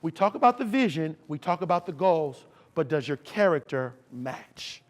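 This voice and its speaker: Animated high-voiced keynote speaker. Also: male voice, moderate pace. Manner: animated preacher-like delivery, call and response. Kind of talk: motivational keynote speech.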